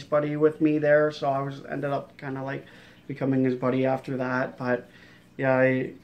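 A man's voice: medium pitch, a little mellow. Rambling man telling a bouncer story. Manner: rambling, many fillers and restarts. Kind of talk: casual storytelling vlog.

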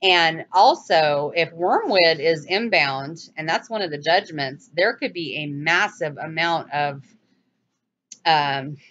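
A woman with a lowish voice teaches scripture in a loose, animated way, doubling back on her words and breaking into sudden exclamations. The sound is dull and lo-fi, like a home recording. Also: takes it slowly. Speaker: bible teacher. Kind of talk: casual bible teaching video.

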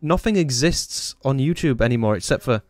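A man's voice: mid-range voice, expressive, brisk, no echo, soft background music. A man with a Yorkshire accent, a gaming YouTuber chatting loosely and swearing as he sets up a voice changer. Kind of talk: casual gaming commentary.

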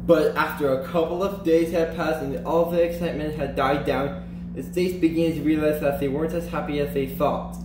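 Male storybook reader, animated delivery with slowed emphasis, voice on the higher side, echoey room with faint hiss. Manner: animated, slows and lifts pitch for emphasis and character lines. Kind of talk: children's storybook read-aloud.

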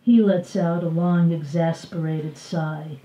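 An older woman reading from her own memoir at a bookstore event, measured and expressive, voicing the dialogue. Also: sits low. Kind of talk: live book reading. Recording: roomy, distant, dull live recording.

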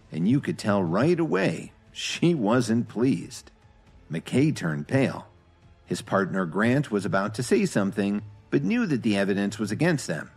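A man narrating a scripted audio drama with expressive storytelling. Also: lowish voice, slightly rough.

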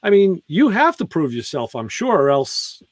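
A man's voice: a little high, big pitch swings, normal speed. A middle-aged man hosting a casual interview, asking long rambling questions full of fillers. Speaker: show host.

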